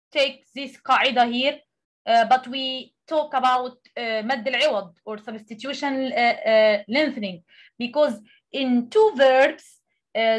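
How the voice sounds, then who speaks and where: A woman who speaks Arabic natively, teaching a tajweed lesson in English, explaining with many pauses and reciting examples. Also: high voice. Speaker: Quran recitation tutor.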